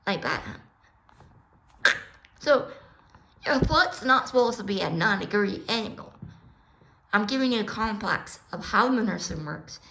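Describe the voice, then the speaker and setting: A woman with a mid-range voice and a gravelly, creaky edge recounts her own story. She talks bluntly and swears freely, acting out the dialogue and jumping between hushed asides and loud outbursts. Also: mid-range voice, animated, measured pace, pauses often, slight background noise. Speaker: storyteller sharing her life. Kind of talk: emotional personal storytelling.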